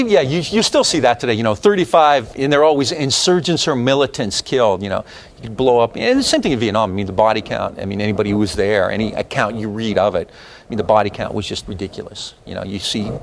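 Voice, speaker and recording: A man giving a university history lecture in an animated, opinionated, conversational way, full of fillers and restarts. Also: fairly low pitch, quick pace, creaky, a little hiss or hum. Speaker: history professor. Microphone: lecture hall recording.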